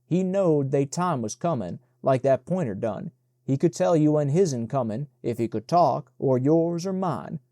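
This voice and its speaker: A man reading the part of a superstitious older servant, slow and musing, in a mellow voice. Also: fairly high pitch, animated, no echo, clean studio sound.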